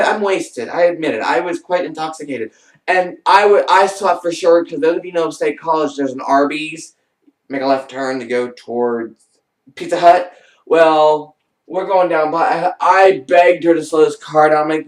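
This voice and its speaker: A young man telling rambling personal stories in a casual, animated way. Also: moderate pace, far from the mic. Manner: rambling, animated, mimics others in high voices. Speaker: vlogger. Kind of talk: casual storytelling. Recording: roomy echo, off-mic.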